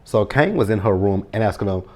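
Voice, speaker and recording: Man in his thirties, recap host, lowish voice, blunt and cussing, loose chatty delivery. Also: animated, fairly quick, dark tone. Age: 30s. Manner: blunt, profane, sassy retelling. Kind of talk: casual recap chat.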